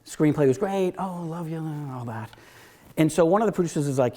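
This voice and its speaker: Slightly high and a bit quick, with a warm tone, this fifty-something man spins a loose, meandering story at a library event. He drifts into asides and performs quotes, all under long hall reverb.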